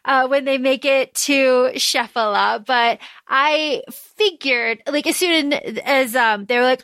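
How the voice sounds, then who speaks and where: Bright, high-voiced woman chatting about books. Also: measured pace, few pauses, dry recording, studio quality. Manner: chatty, animated retelling with fillers and quoted asides. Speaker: podcast co-host. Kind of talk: casual book discussion.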